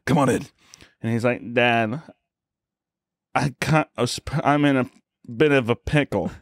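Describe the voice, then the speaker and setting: A man's voice: mid-range voice, unhurried, dry recording, studio quality. A young man co-hosting a casual comedy podcast, riffing and jumping into character voices as he tells scenes. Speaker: podcast co-host.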